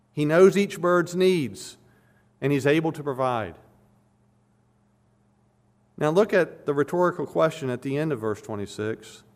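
A man preaching an expository sermon, emphatic and repeating phrases to stress his points. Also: on the high side.

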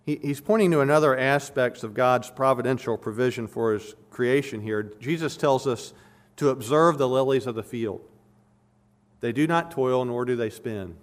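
Male preacher, mid-pitched, emphatic sermon delivery, repeats key phrases. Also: moderate pace. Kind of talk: expository sermon.

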